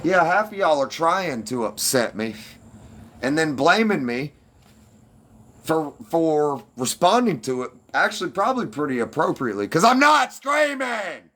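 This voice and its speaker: A man's voice: on the high side, sing-song, normal speed, a bit bright. A man ranting defensively and with heavy profanity at his livestream commenters.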